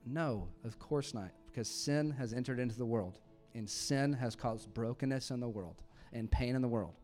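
A man in his thirties preaching a sermon in a conversational, animated way, dropping to a hush and then rising loud. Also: medium pitch, moderate pace, soft background music. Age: 30s. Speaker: pastor.

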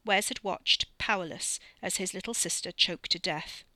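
Bright, dry-voiced woman narrating a book. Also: fairly low pitch, normal speed, no room sound. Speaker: audiobook narrator. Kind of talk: scripted narration.

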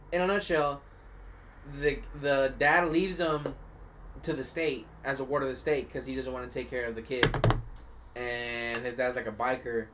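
A man's voice: medium pitch, fairly bright tone, slight background noise. A man hosting a sports podcast, telling stories in a rambling, profane way full of "like" and acted quotes. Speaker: podcast host. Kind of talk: casual chat, storytelling.

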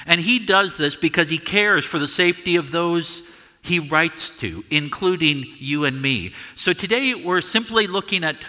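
Male pastor, slightly high, very bright tone, measured sermon delivery, long church-hall reverb. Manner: measured preaching, shouts example words.

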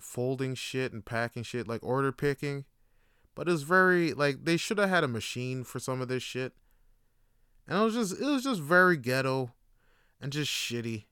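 Profane young man, smooth voice. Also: mid-range voice, a bit bright, dry recording, studio quality. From Canada. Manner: profane, rambling, laughing storytelling. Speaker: podcast host. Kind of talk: casual monologue.

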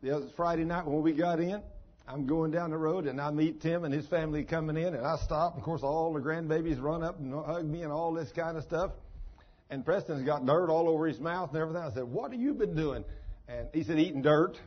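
A man's voice: on the high side, fairly quick. An older man, a pastor, preaching a sermon in a folksy storytelling manner. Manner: folksy storytelling, down-home phrasing. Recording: dull lo-fi sermon recording.

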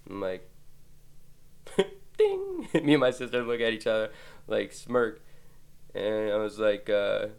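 Gravelly young man telling crude stories. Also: lowish voice, very animated, takes it slowly, long pauses. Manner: profane, loose, laughs through his stories. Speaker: podcast host. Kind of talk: rambling comic storytelling.

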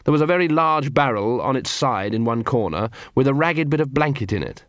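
A man narrating an audiobook, telling a comic story in an even, dry manner on a close studio mic. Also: medium pitch, fairly quick, no echo. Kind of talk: scripted narration.

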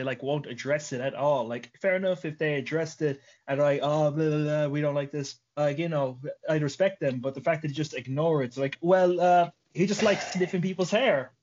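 A man with a somewhat high voice hosts a podcast in loose, joking chat. He rambles and swears freely. The recording sounds dull and lo-fi. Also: darkish tone. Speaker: podcast host. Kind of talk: casual chat.

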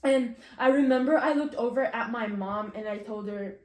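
A woman's voice: a little high, normal speed, a little mellow, echoey room. A young woman casually sharing an emotional personal testimony, full of "like" and "you know". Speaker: guest sharing her testimony.

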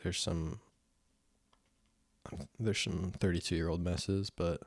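A man's voice: low-pitched, fairly even intonation, slow pace, no echo, clean studio sound. A young man talking to himself alone in his room for a casual vlog, rambling and self-mocking, often stopping and restarting. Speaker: vlogger.

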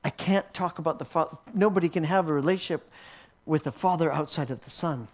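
A man's voice: on the high side, a little fast. A man teaching a sermon as a story, often repeating words as he restarts and chuckling along. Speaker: Christian teacher.

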